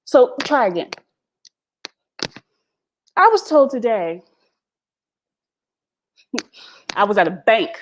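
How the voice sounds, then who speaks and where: An American woman hosts a live stream from home, ranting brashly and profanely to her viewers and laughing often in a candid, unscripted way. Her fairly high voice swings widely in pitch, moves slowly with long pauses, and is captured on a laptop's built-in mic with slight background noise.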